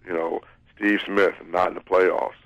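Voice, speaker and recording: A man's voice: sits low, flat delivery, unhurried, a bit bright, dry recording. A man co-hosting a casual sports radio show, easygoing as he rattles off stats. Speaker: radio co-host. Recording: dull, slightly lo-fi line.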